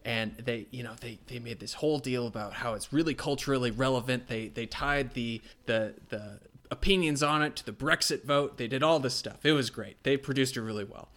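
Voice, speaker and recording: A man's voice: mid-range voice, a little fast, hardly any pauses, a bit bright. A man co-hosting a podcast in casual chat, laying out his reasoning step by step in an earnest way. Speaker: podcast co-host.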